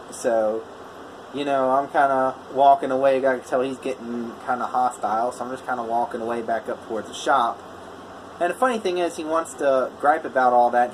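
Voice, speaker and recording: A welder chats through a story in a casual, rambling way, leaning on filler words and restarting his sentences. His voice sits in a middle range. A faint, steady hum runs in the background. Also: medium pitch, fairly quick, rough recording. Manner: rambling, full of "you know" and "I was like".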